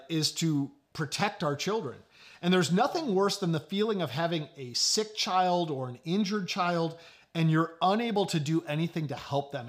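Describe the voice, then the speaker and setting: A middle-aged man preaching a sermon. He tells a story in a conversational way and often drops to a low, quiet voice. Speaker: pastor.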